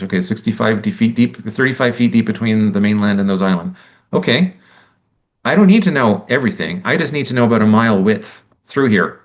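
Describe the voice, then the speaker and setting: A man giving a conversational lecture, animated and exasperated, acting out imagined exchanges and often restarting his sentences. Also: on the low side, fairly quick, muffled recording. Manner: many restarts and self-corrections.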